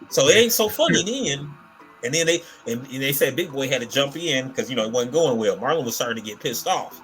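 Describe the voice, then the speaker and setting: A man's voice: medium pitch, brisk, soft background music. A man hosting a casual comedy podcast, retelling a story with lots of fillers and restarts. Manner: animated, rambling storytelling with many fillers. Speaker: podcast host.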